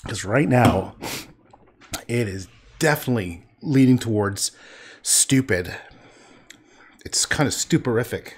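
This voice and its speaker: A man's voice: mid-range voice, animated, slow pace, pauses often, husky. A man casually talking through his painting on a livestream, mocking his own work, swearing and muttering half to himself. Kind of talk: casual running commentary while painting.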